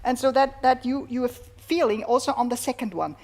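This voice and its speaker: A woman's voice: on the high side, fairly quick, darkish tone. A woman teaching a flute masterclass, encouraging her student and singing rhythms aloud, often checking in with "yeah?". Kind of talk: masterclass coaching.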